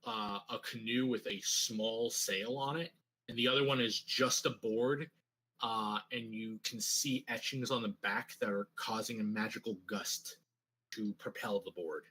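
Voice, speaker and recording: A man running a tabletop game, describing scenes in a relaxed way with many fillers. His voice is bright but husky, at an ordinary pitch. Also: a little slow, rough recording. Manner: relaxed, filler-heavy narration. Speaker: game master.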